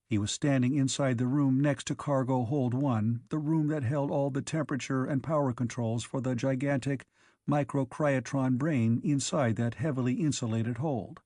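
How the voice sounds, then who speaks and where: A man with a mid-range voice narrates a science fiction audiobook, telling the story in a measured, even way. The recording is dry and studio quality.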